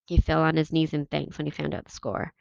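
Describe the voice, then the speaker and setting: A woman reading a novel aloud in a steady, plain narrating voice. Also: sits low, fairly quick, creaky, no room sound. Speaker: reader. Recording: dull, dry lo-fi recording.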